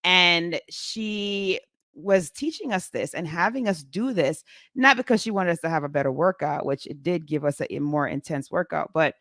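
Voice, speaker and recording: A woman in her forties, a physician hosting her own show, telling a story in a chatty, animated way with many fillers. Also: lowish voice, normal speed, dry recording, studio quality. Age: 40s. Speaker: physician podcast host. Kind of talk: casual storytelling to camera.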